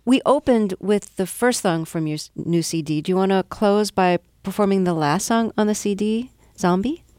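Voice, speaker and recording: Woman interviewer, smooth and resonant, close dry sound. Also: mid-range voice, moderate pace, darkish tone, no room sound. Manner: conversational, probing questions. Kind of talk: broadcast interview.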